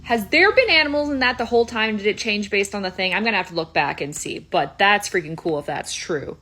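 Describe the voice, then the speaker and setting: A woman's voice: medium pitch, lively intonation, sharp tone. A young woman giving playful, casual reaction commentary as a video creator. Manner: chatty and playful, quick asides.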